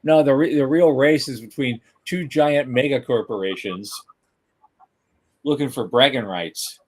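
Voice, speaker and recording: An older man co-hosting a podcast, chatting casually in a joking, lively way. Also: mid-range voice, a little slow. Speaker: podcast co-host. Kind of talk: casual chat.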